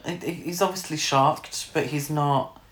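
A man's voice: fairly high pitch, fairly even intonation, unhurried, a bit bright. Laughing, swearing man in an echoey room. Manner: sweary, laughs a lot, mimics characters. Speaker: film review podcast co-host. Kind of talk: casual chat.

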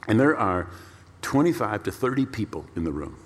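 A male pastor preaching a storytelling sermon in an animated way, repeating words for emphasis. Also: lowish voice, normal speed. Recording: long reverb of a large hall.

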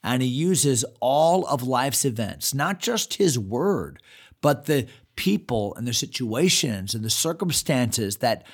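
A man preaching an expository sermon in earnest, paraphrasing scripture in a lively voice, with small restarts. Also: medium pitch. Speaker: pastor. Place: church.

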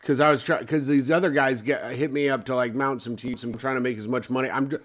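A man's voice: medium pitch, steady tone, fast talker. A young man co-hosting a podcast, chatting casually in a joking, self-mocking, rambling way. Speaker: podcast co-host. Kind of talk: casual chat.

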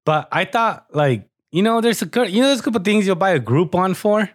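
A man's voice: high-pitched, animated, brisk, no echo, clean studio sound. A young man co-hosting a podcast in casual chat, laid-back, swearing often and laughing a lot. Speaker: podcast co-host. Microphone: podcast studio mic.

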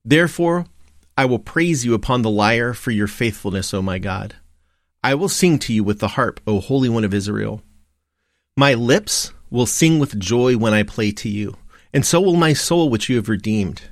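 A man reading morning prayer and scripture aloud in a measured, steady recitation. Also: mid-range voice, no echo, studio quality. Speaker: liturgy reader.

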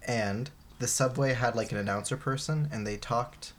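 A woman's voice: very deep voice, normal speed, slight background noise. A woman co-hosting a podcast, joking and swearing playfully in casual chat. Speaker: podcast co-host.

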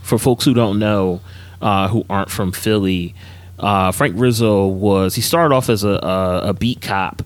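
A man co-hosting a podcast in casual chat, relaxed and slangy with many fillers. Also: on the low side, a little slow, dry recording. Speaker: podcast co-host.

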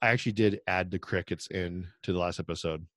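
A man's voice: low-pitched, fairly even intonation, quick pace, dry recording, studio quality. A middle-aged man co-hosting a podcast, telling rambling stories and laughing often. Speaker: podcast co-host. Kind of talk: casual chat.

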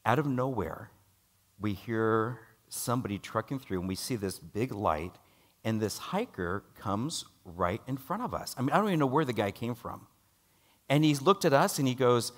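Telling a personal story within his sermon, a middle-aged preacher raises his voice for dialogue and sinks to a low, quiet tone for worry. He sounds expressive and keeps a moderate pace.

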